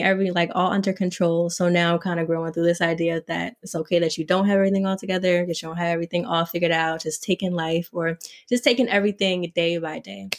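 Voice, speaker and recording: A woman guest on a podcast, speaking thoughtfully and hesitantly, often checking that she makes sense. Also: lowish voice. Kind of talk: casual interview chat.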